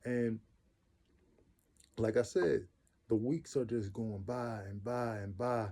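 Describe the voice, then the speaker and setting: Earnest man with a mellow voice. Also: mid-range voice, takes it slowly. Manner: earnest, repeats phrases for emphasis; loose everyday speech with restarts. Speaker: vlogger telling his own life story. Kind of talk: casual personal storytelling.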